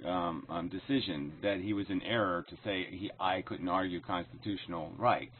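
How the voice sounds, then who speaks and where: A deep-voiced man speaks at a moderate pace as a video commentator, making an angry response video that's sarcastic and full of profanity as he picks apart another man's claims. It sounds tinny, as if recorded on a phone.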